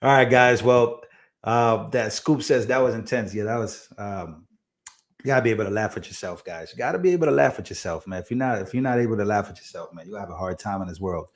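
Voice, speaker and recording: A man's voice: lowish voice, fast talker. A man with a Hispanic accent hosting a casual political livestream, chatting with his viewers, laughing at himself and tripping over long words. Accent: Hispanic-accented English.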